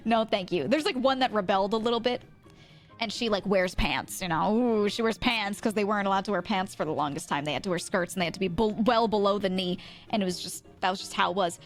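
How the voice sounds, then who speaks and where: A woman's voice: mid-range voice, a little fast. Young woman streamer, casual rambling chat, laughs a lot, faint music behind. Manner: rambling, laughs often, playful.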